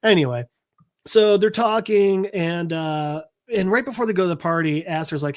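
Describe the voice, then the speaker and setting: A man on a podcast recapping a comic book issue in a casual, profane, animated way, acting out the characters' lines as he goes. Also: sits high, moderate pace. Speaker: podcast co-host presenting a comic segment.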